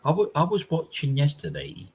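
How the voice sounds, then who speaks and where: A man's voice: on the high side, huge pitch swings, moderate pace, slightly rough. A man with a London accent hosting a casual livestream chat from home, rambling and repeating himself. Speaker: livestream host.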